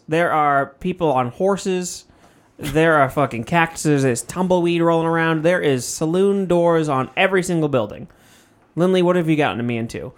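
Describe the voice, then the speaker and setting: A man co-hosting a comedy podcast, telling an exaggerated, crude story and often clearing his throat. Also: on the high side, expressive, moderate pace. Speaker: podcast co-host.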